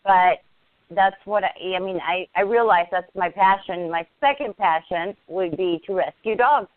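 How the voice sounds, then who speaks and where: A woman speaking as an interview guest, earnest and halting, often restarting her sentences. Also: mid-range voice, dry recording. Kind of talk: casual interview chat. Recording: tinny dry phone line.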